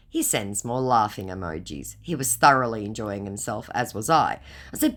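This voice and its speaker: A woman with a low-pitched voice tells her story in a dry, sarcastic, casual way. Her pitch still moves around a lot as she talks. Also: big pitch swings, moderate pace. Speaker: scam baiter.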